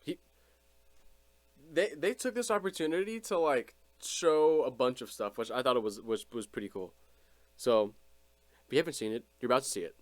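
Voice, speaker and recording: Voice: mid-range voice, normal speed, pauses often, no room sound. A commentary vlogger reacting to clips in an incredulous, mocking way.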